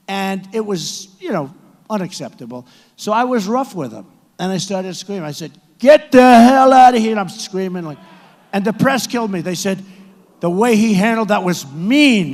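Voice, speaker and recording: A man with a high-pitched voice gives a boastful campaign rally speech in a large indoor arena, repeating himself and often rising to a shout. His words ring out through a PA with a long echo. It sounds like a podium microphone in a big room. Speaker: political candidate addressing supporters.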